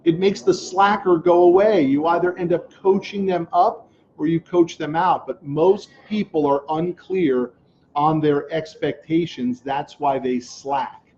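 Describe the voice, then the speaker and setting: A middle-aged man, a business coach answering viewer questions on a casual live stream, energetic and full of slang like dude and man. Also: a little high, measured pace, dull audio, a little hiss or hum.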